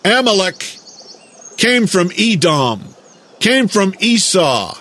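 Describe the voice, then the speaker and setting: A man delivering a slow, deliberate lecturing monologue, drawing out words for emphasis. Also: high-pitched, big pitch swings, sharp tone. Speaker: speaker giving a monologue lecture.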